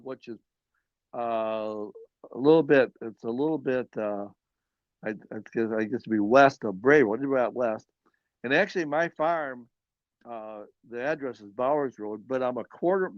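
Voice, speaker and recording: A man's voice: mid-range voice, dry recording, lo-fi sound. A man from northern Illinois, a farmer and guest, telling a story in a rambling, self-correcting way. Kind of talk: casual storytelling.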